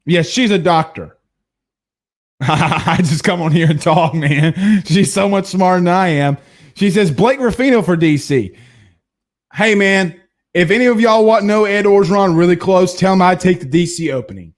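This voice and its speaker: A man's voice: sits high, moderate pace. A man hosting a live-stream sports talk show, reading viewer comments and giving blunt opinions. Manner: blunt and opinionated, with frequent restarts and laughs.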